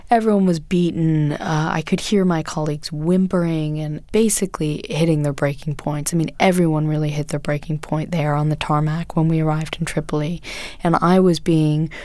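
A woman photojournalist in an interview, recounting her experiences in an earnest, measured way with frequent fillers. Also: low voice, fairly even intonation, warm tone, dry recording. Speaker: guest, photojournalist.

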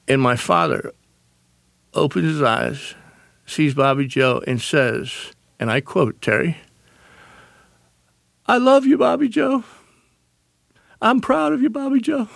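Gravelly man telling stories. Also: mid-range voice, no room sound, clean studio sound. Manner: animated storyteller, acts out quoted voices. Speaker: interview guest, author. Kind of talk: radio interview storytelling.

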